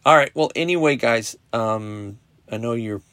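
A middle-aged man hosting a podcast, telling a personal story in a casual, profane, animated way with lots of quoted dialogue. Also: medium pitch, unhurried, no echo. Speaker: podcast host. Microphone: podcast app recording.

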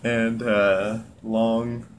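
A man's voice: lowish voice, level tone, drawn-out words, background noise. A man co-hosting a podcast, telling a work story in a laid-back casual chat with lots of fillers. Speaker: podcast co-host.

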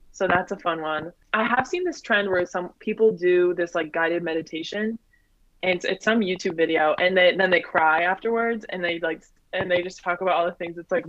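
A young woman in her twenties chatting casually as a comedian guest, full of fillers and quick laughs. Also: lowish voice, a bit bright, no echo. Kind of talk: casual chat. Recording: dull lo-fi, dry.

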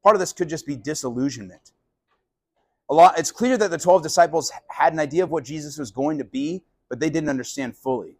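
A man preaching a sermon with a husky, somewhat high voice. He keeps it loose and conversational and slips into the voices of the people in his story. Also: a little fast. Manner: animated, casual, acts out quoted voices. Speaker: pastor. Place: live sermon at a college venue.

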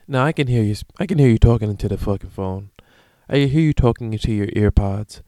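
A man in his thirties hosting a solo podcast, ranting in a profane, animated, comedic way. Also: on the low side, fast talker, no echo. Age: 30s. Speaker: podcast host. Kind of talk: casual solo podcast monologue.

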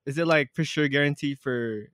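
A man's voice: a little high, brisk, crowd noise. A teenage boy in a casual chat, joking and stumbling over his words. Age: teens.

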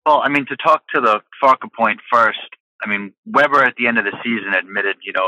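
A man's voice: medium pitch, brisk, bright, forceful tone, no room sound, lo-fi sound. A man talking as a podcast guest in casual chat, explaining at length with lots of fillers. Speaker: podcast guest, football fan.

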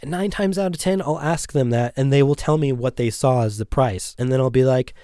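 A man's voice: mid-range voice, a little fast, hardly any pauses, warm tone, dry recording, clean studio sound. Sarcastic, swearing man ranting. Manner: swears constantly, rambles off topic, sarcastic. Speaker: host of a one-man rant show. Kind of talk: profane ranting monologue.

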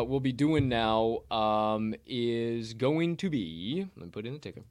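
A man from Chicago hosting a casual betting podcast at home, excitable and rambling, swearing freely and breaking off to scold his cat. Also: medium pitch, dry recording, clean studio sound. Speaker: sports betting podcast host. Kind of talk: casual solo live-stream talk. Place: home condo.

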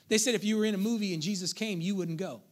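A man's voice: high voice, fast. A man preaching a sermon as pastor, conversational and playful, calling out to the congregation.

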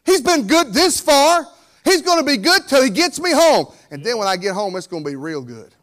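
A man in his forties, a pastor, preaching a lively sermon and acting out the story's characters, moving from loud to quiet. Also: very high voice, moderate pace. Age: 40s.

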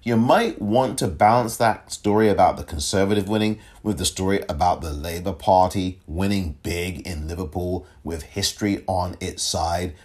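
A man hosting a political podcast, talking solo in an emphatic, animated way and often breaking off and restarting. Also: sits low. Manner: animated, emphatic, self-interrupting. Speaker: podcast host.

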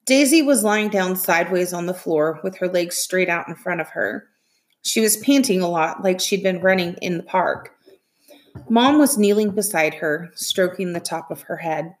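A woman, a teacher, reading a children's novel aloud in a steady, plain narrating voice. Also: fairly low pitch, moderate pace.

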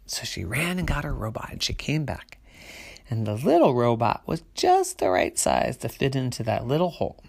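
A man reading a bedtime story aloud in a soft, hushed voice that often drops to a whisper. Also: medium pitch, very animated, normal speed, vocal fry.

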